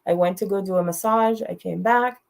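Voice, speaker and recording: This middle-aged woman, appearing on a talk show, speaks fairly quickly in a gravelly mid-range voice. She's blunt and straightforward about her personal story, breaking into occasional laughter during the difficult moments.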